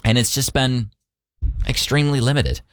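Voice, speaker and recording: A man's voice: medium pitch, moderate pace, dry recording, studio quality. A man co-hosting a radio show, chatting casually about the news with loose, restarting sentences. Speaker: radio co-host.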